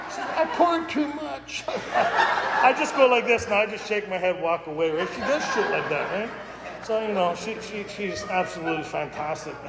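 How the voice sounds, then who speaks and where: A man telling personal stories to an audience at a recovery gathering, candid and jokey, often laughing as he talks. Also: on the high side. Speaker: speaker at a recovery roundup. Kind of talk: personal storytelling talk to an audience. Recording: echoey hall with long reverb.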